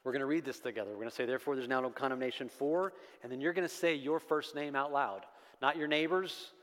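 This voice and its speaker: A man's voice: medium pitch, fast, a bit bright. A man preaching a sermon to a congregation, emphatic and building through repeated refrains. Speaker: pastor. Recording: long hall reverb.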